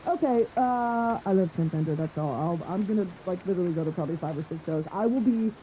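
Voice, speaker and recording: A woman's voice: on the low side, warm tone, a little hiss or hum, rough recording. A woman hosting a podcast in casual chat, rambling enthusiastically and swearing often. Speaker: podcast host. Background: faint rain.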